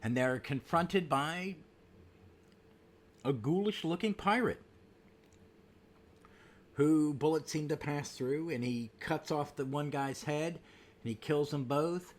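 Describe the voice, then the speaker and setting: A man's voice: a little high, takes it slowly, long pauses. A man hosting a casual comic book podcast, chatty, with frequent ums and restarts. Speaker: podcast host.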